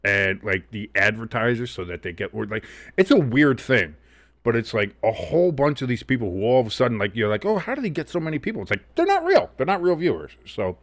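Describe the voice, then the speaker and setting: Male host, casual live sports chat, rambling and profane, pitch all over the place. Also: big pitch swings, brisk, no echo.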